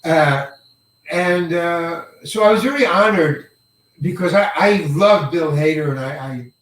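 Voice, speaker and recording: An older male actor telling a career story in an interview, halting and rambling, often repeating words and chuckling. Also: fairly high pitch, fairly bright tone. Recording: roomy echo, mic set far away.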